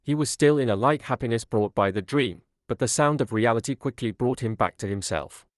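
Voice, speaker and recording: A man calmly narrating a scripted storybook tale in a measured way. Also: medium pitch, dry recording, studio quality.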